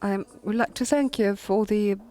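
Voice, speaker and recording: A woman historian with a German accent delivers a lecture read from prepared notes, at a middling pitch. She moves along haltingly and pauses often on fillers. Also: dark tone.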